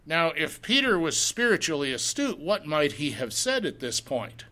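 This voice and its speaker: A pastor preaches a sermon, teaching a Bible passage verse by verse, reading scripture in old-fashioned wording and posing rhetorical questions. His voice is fairly high, sing-song, pushed and bright, at a moderate pace.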